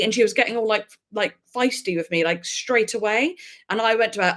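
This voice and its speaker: A woman hosting a casual live stream chat, telling stories in an animated way and laughing often. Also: mid-range voice, fast talker. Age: adult with a daughter.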